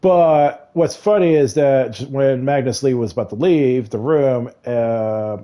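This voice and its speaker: A man recaps a novel as he games, his mid-range voice slow and mellow. He rambles through the plot in a relaxed way, voicing characters' lines and laughing frequently.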